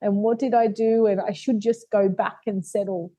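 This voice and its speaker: Earnest woman with a mellow voice. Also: medium pitch, fairly even intonation, normal speed, no echo, low-quality recording. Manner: open, earnest storytelling that acts out remembered dialogue. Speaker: guest. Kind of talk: candid life story in conversation.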